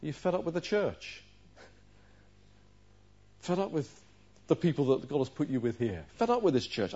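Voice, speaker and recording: A man preaching a sermon, pressing his listeners with rhetorical questions and moving between forceful, raised lines and quiet, low ones. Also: big pitch swings, normal speed, long pauses, breathy edge. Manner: earnest preaching with rhetorical questions, swinging from loud to hushed. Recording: dull lo-fi recording.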